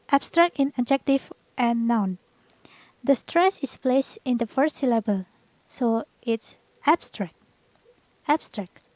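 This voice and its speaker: A woman's voice: on the high side, darkish tone, no room sound, rough recording. A young woman student giving a class presentation, explaining and repeating each example word.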